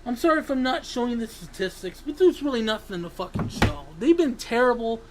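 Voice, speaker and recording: Swearing, yelling sports ranter. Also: mid-range voice, slight background noise, poor audio. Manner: ranting, swearing, bursts into yelling; self-interrupting, apologizes for yelling. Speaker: sports vlogger. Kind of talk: angry sports rant.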